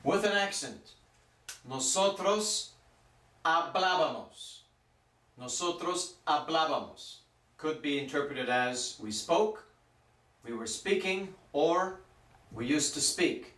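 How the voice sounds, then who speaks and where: Man, slightly high voice, patient grammar teacher, recorded from a distance in a roomy space. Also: lively intonation, measured pace, a bit bright. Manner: patient, stretches out example words. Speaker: Spanish teacher. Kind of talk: explanatory lesson. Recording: echoey room from far off.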